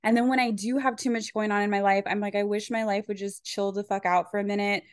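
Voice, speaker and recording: A woman's voice: medium pitch, fairly even intonation, fast, dry recording, clean studio sound. A woman hosting a podcast in casual chat, talking in a chatty, rambling way with lots of filler words. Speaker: podcast host.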